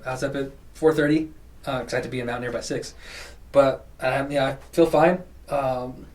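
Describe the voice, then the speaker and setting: A young man hosts a laid-back podcast chat, rambling through stories with plenty of fillers. He acts out little quoted lines as he goes. His voice sits at a middle pitch and sounds set back from the microphone. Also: darkish tone. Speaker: podcast host. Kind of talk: casual chat. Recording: voice distant from the mic.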